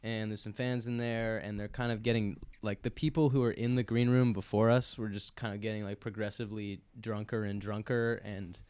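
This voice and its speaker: Young man telling a lively anecdote. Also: fairly low pitch, brisk, hardly any pauses, smooth, dry recording. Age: 20s. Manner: animated storytelling, loud impressions and frequent laughter. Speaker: storyteller. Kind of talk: casual chat.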